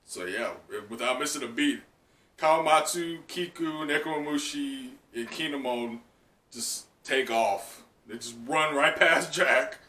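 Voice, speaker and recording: A man hosting a casual live reaction, excitable and laughing often, with plenty of fillers and swearing. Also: a little high, measured pace. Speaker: channel host. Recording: echoey room, mic at a distance.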